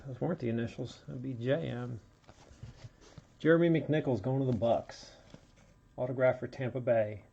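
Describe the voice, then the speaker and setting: Gravelly and warm with a breathy edge, this medium-pitched male voice moves at a normal speed but pauses often. He's running casual play-by-play on the cards he pulls during a break, seemingly feeling unwell. The highs in the audio are cut off.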